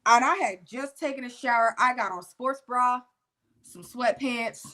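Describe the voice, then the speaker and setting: A young woman telling a personal testimony story in a casual, animated, expressive way. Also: on the high side, a little slow.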